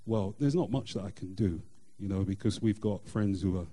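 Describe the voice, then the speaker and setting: A middle-aged man tells a faith testimony in a very dark, mellow voice. He speaks earnestly, pausing and restarting often as he goes. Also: on the low side, slightly rough. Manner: earnest, halting with frequent fillers and restarts. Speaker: church member sharing testimony. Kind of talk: personal testimony.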